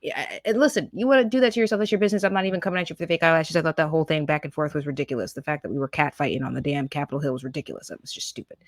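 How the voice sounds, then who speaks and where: A woman's voice: deep voice, very fast, hardly any pauses, no echo. A woman hosting a political reaction show, scornful and sarcastic as she talks over clips. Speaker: political commentary host.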